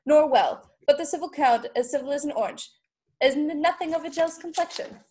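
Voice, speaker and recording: A witty, sharp-tongued young noblewoman, played by a teenage girl, tossing off quick mocking wordplay. The voice sits high. It comes through a home video call for a school Shakespeare play. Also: close to an everyday voice. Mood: teasing. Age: late teens. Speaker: student actor.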